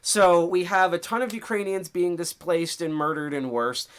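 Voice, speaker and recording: A man's voice: sits high, moderate pace, clean tone. A man hosting a casual livestream show, rambling, swearing freely and losing his train of thought. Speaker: host.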